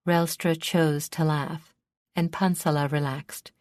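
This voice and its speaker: Low-voiced woman narrating an audiobook. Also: fairly even intonation, measured pace, a little mellow, dry recording, clean studio sound. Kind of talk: scripted narration.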